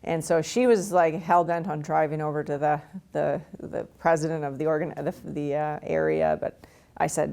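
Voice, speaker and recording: A woman's voice: low-pitched, steady tone, moderate pace, vocal fry, a little mellow. A woman in her forties from Canada, a retired hockey player telling stories frankly and laughing at herself in an interview. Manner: frank, self-deprecating, laughs often. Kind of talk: candid interview storytelling.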